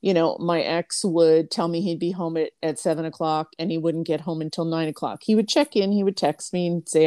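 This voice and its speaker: A woman hosting a podcast interview, chatty and quick to laugh, sharing personal examples. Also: sits low, fairly even intonation, mellow, clean tone, no room sound, clean studio sound. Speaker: podcast host.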